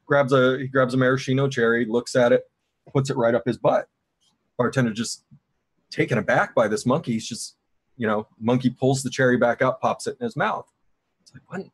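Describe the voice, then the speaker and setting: A man with a husky, slightly rough voice tells a long bar joke at an easy pace. He rambles and restarts phrases as he goes. The delivery is loose, like friends joking around. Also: mid-range voice, steady tone, fairly quick, no room sound. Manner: rambling, self-correcting storyteller. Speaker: panel member. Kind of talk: casual joke telling.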